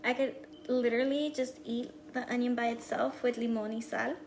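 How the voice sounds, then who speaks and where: A woman's voice: fairly high pitch, flat delivery, moderate pace. A woman hosting a casual meal prep livestream from a home kitchen, chatting to her viewers and counting items aloud. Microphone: earpiece mic. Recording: echoey room with loud background noise.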